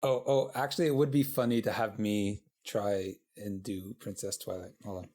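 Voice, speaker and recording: Low, warm-voiced woman podcaster. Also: steady tone, normal speed. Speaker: podcast co-host. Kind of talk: casual chat.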